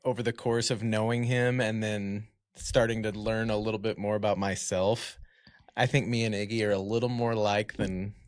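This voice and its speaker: A man's voice: on the low side, little pitch movement, moderate pace, no room sound, clean studio sound. A man guesting on a podcast, telling rambling, self-deprecating stories in casual chat.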